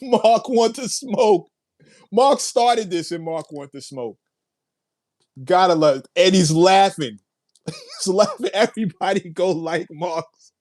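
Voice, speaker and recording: A man hosts a casual livestream, reacting to viewer comments with hyped, laughing energy, playful slang and lots of repeated phrases. His voice is high-pitched and a little mellow, his pace slow, and the recording dry.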